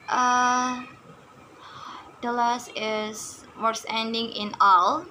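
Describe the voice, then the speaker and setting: A woman who learned as a works slowly through lists of words for a pronunciation lesson. She often stops to restart words, in a bright, crisp voice. A faint noise hangs behind her. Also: a little high, fairly even intonation, poor audio. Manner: halting, many restarts and fillers.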